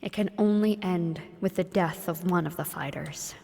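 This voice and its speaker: Woman narrating a story game in a long-reverb room, lowish voice, measured and even. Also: gravelly, breathy edge. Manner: even, measured reading, slipping into quick casual chat. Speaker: let's play co-host narrating the game text. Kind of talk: reading game narration aloud with casual asides.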